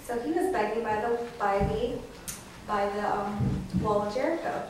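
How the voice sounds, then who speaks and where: A young woman student teacher telling a Bible story to first graders, animated, acting out voices and prompting the children. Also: mid-range voice, normal speed. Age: young adult. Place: school classroom. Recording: echoey room from far off with noise.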